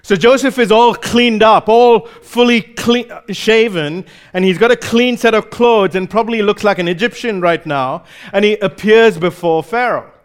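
A man's voice: high-pitched, normal speed, few pauses, clean tone. A man preaching a sermon, explaining scripture in a conversational way and briefly acting out the quoted lines.

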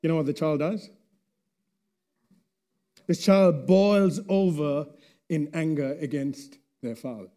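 A man preaching a sermon, slow and deliberate, letting his voice drop low and quiet at the end of phrases. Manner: slow and deliberate, dropping to a hush at phrase ends.

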